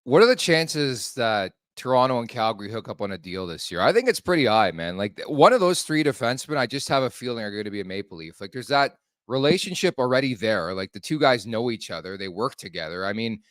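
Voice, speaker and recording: Quick-talking male host, casual hockey chat, dry close mic. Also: medium pitch, sing-song, a bit bright, no echo. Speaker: podcast host. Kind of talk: casual hockey talk and ad read.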